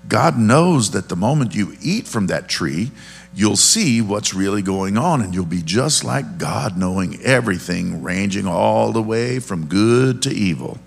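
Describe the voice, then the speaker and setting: The serpent, a man doing a calm smooth tempter. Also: lowish voice, a little slow, faint music behind, exaggerated voice. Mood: coaxing. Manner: calm, normal-sounding, persuasive.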